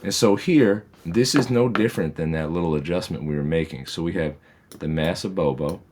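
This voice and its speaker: A man with an extremely deep voice teaches physics in a recorded lesson. He works through each problem slowly and methodically, adding patient, reassuring asides. A faint background hiss and occasional clicks sit under the recording. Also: darkish tone.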